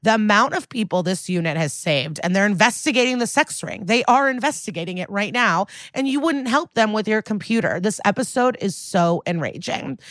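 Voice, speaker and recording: A woman's voice: mid-range voice, expressive, brisk, few pauses, fairly bright tone, dry recording, studio quality. A young adult woman co-hosting a podcast, casually recapping a TV episode in a chatty, sarcastic way and swearing freely. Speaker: podcast co-host.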